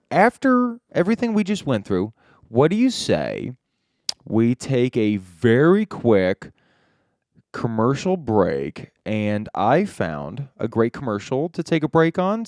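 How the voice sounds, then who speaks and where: A man's voice: on the high side, a little mellow, dry recording, studio quality. A man hosting a comedy podcast in casual chat. He jokes, laughs often and swears. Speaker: podcast host.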